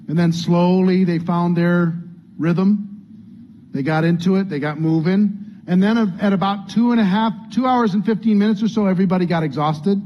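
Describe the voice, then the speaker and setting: A man's voice: high-pitched, a little hiss or hum. A man coaching a training group, earnest and conversational, acting out what people might say. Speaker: business coach. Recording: dull lo-fi sound, faint room ambience.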